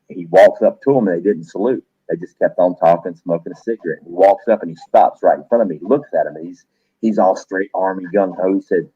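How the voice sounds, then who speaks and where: A man's voice: low voice, slightly rough, no room sound. A middle-aged man, a retired soldier and bar owner, telling a blunt, profane anecdote in casual talk among friends. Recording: tinny phone-like dry sound.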